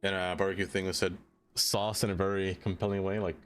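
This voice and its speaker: A man's voice: low-pitched, level tone, fast talker, soft background music. A young man from the United States chatting casually on a live stream, laughing a lot and playfully trying out silly accents.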